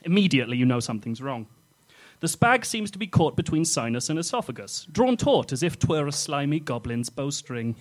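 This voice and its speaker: A man's voice: fairly high pitch, big pitch swings, brisk. A man telling his own comic second-person story to friends, playful and often laughing.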